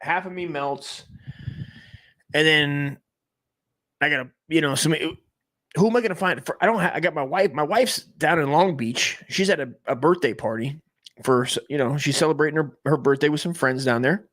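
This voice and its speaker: A man in his forties from the United States who hosts a comedy stream and talks in a rambling, profane, excitable monologue full of restarts. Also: fairly high pitch, moderate pace. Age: 40s.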